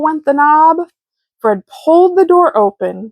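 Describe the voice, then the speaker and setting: Slow, expressive storybook reader woman. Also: very high voice, dry recording, highs cut off. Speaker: children's book reader. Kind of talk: storybook read-aloud.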